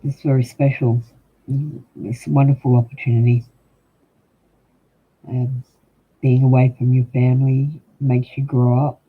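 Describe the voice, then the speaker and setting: An older Australian tarot reader chats loosely with his livestream audience, wandering off on tangents, saying um a lot and responding straight to the chat. His mid-range voice barely shifts in pitch, and he speaks unhurriedly with long pauses. The sound is tinny, husky and phone-like.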